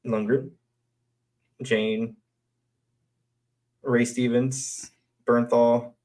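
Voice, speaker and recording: A man's voice: medium pitch, little pitch movement, extremely slow, darkish tone. A man co-hosting a podcast, chatting about a movie with wry humor. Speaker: podcast co-host. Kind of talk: casual movie discussion.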